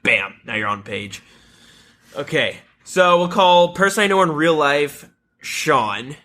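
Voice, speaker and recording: A man's voice: on the high side, lively intonation, takes it slowly, pushed and bright. A young adult man co-hosting a podcast, telling a rambling story in casual chat, swearing freely and laughing at his own tales. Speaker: podcast co-host.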